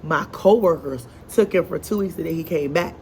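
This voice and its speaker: Filming a casual classroom vlog, this first grade teacher complains in an exasperated, chatty way, wandering into asides while sounding stuffed up and out of breath. She speaks in a low, slightly mellow voice at normal speed, over a little hiss or hum.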